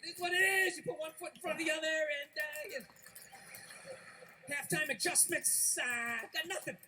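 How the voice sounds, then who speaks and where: High, bright-voiced ranting stand-up man. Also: steady tone, moderate pace, a little hiss or hum, rough recording. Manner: profane, ranting, with laughing asides. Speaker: stand-up comedian. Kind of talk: stand-up routine.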